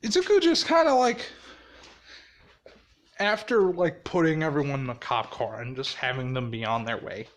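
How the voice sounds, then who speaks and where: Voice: mid-range voice, animated, normal speed. A person casually telling a rambling fan story, swearing often and laughing along.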